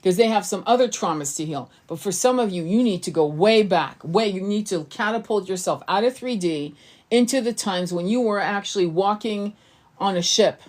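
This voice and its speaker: A woman's voice: mid-range voice, normal speed, a little mellow. Earnest woman giving rambling spiritual teaching. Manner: earnest, rambling, repeats words as she restarts. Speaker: tarot reader and spiritual coach. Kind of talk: casual spiritual teaching monologue.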